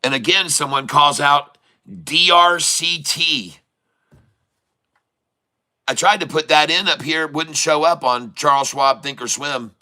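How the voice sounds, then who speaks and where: A man's voice: fairly high pitch, a little slow, pauses often, pushed and bright. A man live-streaming day-trading commentary, joking with chat and laughing often, then repeating urgent warnings to viewers. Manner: jokey, laughs often while reading chat.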